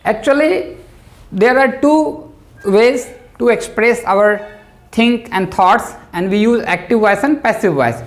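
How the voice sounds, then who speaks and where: A man with a fairly high voice gives an English grammar lesson at an unhurried pace. He repeats each example sentence and pauses to check in with the listener. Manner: slow and deliberate, repeats examples and checks in with "right?". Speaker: English teacher. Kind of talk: explaining grammar to learners.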